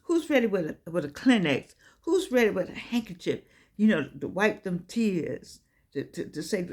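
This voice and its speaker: A woman's voice: mid-range voice, big pitch swings, moderate pace, a little mellow. A woman in her eighties giving an inspirational talk in an earnest, preaching cadence, full of repeated words and restarts. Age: 80s. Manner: repetitive, many stammered restarts. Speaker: motivational speaker.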